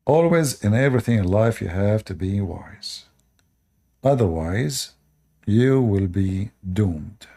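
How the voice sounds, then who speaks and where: A man's voice: lowish voice, expressive, takes it slowly, vocal fry, mellow. A man with an Arabic accent, native Arabic speaker, hosting a live stream and lecturing his viewers in short repeated commands with broken grammar. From Middle East. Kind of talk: casual live stream monologue.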